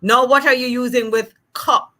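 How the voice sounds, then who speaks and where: A woman speech-language pathologist explaining things patiently in a teacherly way, sometimes drawing out sounds slowly to demonstrate. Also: on the high side, fairly even intonation, bright, forceful tone. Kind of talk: explanatory live chat.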